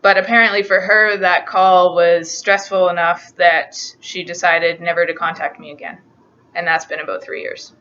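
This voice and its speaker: Young woman vlogger, earnest and emotional, bright tense voice, dull lo-fi audio. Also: lowish voice, flat delivery, normal speed. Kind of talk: personal confessional vlog.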